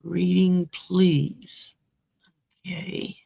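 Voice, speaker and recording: The host of a casual live-stream oracle card reading, a woman, greets viewers by name, laughs readily, and draws her cards. She speaks very slowly in a lowish, level, creaky, mellow voice, and the stream audio is dull and lo-fi.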